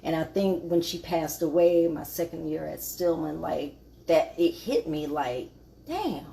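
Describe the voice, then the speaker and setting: A woman's voice: low voice, measured pace, vocal fry, mellow, a little hiss or hum. A woman, hosting a casual live cooking stream in her home kitchen, chatting with viewers and trailing off with fillers. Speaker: cooking show host.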